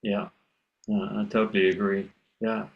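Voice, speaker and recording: A man's voice: on the low side, level tone, normal speed, muffled recording. A man from the north of England with a northern English accent, co-presenting a teacher-training session and telling stories animatedly, with stammered restarts. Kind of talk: conversational webinar discussion.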